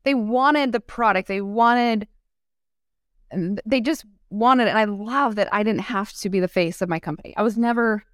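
A woman's voice: mid-range voice, normal speed, no room sound, studio quality. A woman guest on an interview, chatting casually and acting out stories with frequent laughs. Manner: animated storyteller who acts out quotes and laughs often. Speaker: guest entrepreneur.

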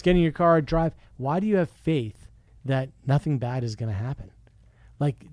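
A man's voice: medium pitch, darkish tone, no echo, clean studio sound. A man, a podcast guest, speaking in an earnest, reflective way as he tells a personal story. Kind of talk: conversational interview.

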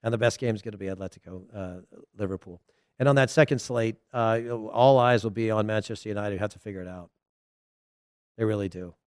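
A man's voice: on the low side, fast talker, a little mellow, clear, resonant tone, no room sound, studio quality. A middle-aged man hosting his own podcast, telling family stories and previewing matches in a loose, rambling way with frequent restarts. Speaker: podcast host. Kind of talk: casual solo podcast talk.

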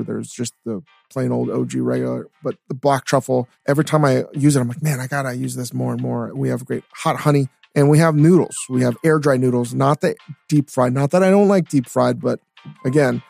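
Man, podcast co-host, very gravelly, casual rambling chat, profane, dry close mic. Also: medium pitch, a little mellow, dry recording, faint music behind. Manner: rambling, profane, reads ad plugs quickly.

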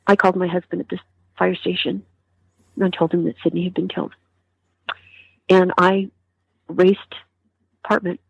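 A woman, a grieving mother, telling her story in an interview in a halting way with many restarts. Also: lowish voice, little pitch movement, gravelly, husky, no echo, rough recording. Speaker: mother of a murder victim, interview guest. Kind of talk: emotional interview testimony.

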